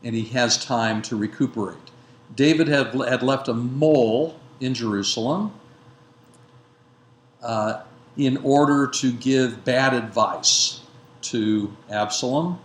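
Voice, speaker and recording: Man lecturing slowly, lots of uhs and fixing himself mid-sentence, echoey room. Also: mid-range voice. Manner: measured, with frequent fillers and self-corrections. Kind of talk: lecture retelling a biblical narrative. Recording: roomy echo with faint background noise.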